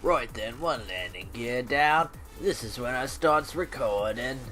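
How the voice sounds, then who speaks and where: A man's voice: medium pitch, expressive, a little slow, a bit bright. A man voicing a cheeky veteran WWII fighter pilot, narrating flight game footage in slangy old-timey banter. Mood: boastful. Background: faint electronic music.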